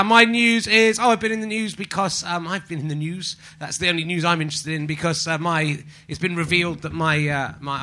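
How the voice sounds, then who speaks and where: A man's voice: fairly high pitch, pushed and bright, slight background noise. A man hosting a live comedy podcast, rambling and self-mocking in front of an audience. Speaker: podcast host.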